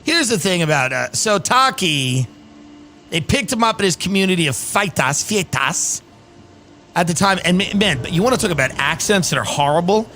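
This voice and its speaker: A man's voice: sits high, expressive, moderate pace, sharp tone, a little hiss or hum. A man hosting a casual comedy podcast, rambling and reading news quotes aloud with dry sarcasm. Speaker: podcast host.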